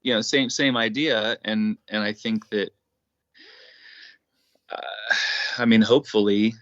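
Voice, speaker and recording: A man, a musician being interviewed, speaking casually and thoughtfully, often pausing with fillers. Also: on the low side, steady tone, a bit bright, dry recording, muffled recording. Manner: thoughtful, hesitant, many fillers. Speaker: musician guest. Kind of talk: casual conversation.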